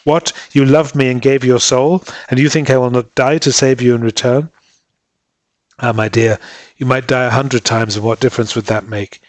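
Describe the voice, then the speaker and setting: A man's voice: mid-range voice, steady tone, normal speed, no echo, close to an everyday voice. A man reading aloud and voicing a devoted young island woman who pleads earnestly with her husband. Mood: impassioned.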